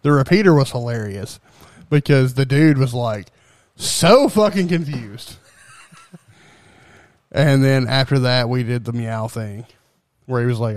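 A man's voice: mid-range voice, a little slow, pauses often, darkish tone, no echo. Young male co-host, profane, laughs through his own stories, dry close mic. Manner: profane, laughing storyteller who acts out voices. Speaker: podcast co-host. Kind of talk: casual chat.

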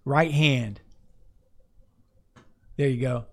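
Here the pastor talks very slowly at a medium pitch, his intonation fairly even. He delivers an off-the-cuff sermon in a relaxed, chatty way, restarting thoughts and inviting people to turn to verses.

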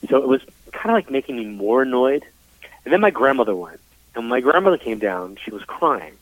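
A man's voice: mid-range voice, very animated, a little fast, no echo. A man from New York, a psychic medium, telling his story in a casual interview, frank and full of fillers. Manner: chatty, frank, many fillers, acts out quoted dialogue. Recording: dry tinny phone-like line.

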